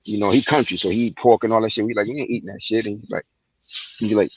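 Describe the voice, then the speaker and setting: A man's voice: on the low side, fast talker, breathy edge, no room sound, dull audio. A man in casual livestream chat, telling loose stories full of slang and acting out quoted voices, talking over a phone. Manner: loose storytelling, acts out quotes, heavy slang. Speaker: guest, son of the movie's real subject. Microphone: phone over online stream.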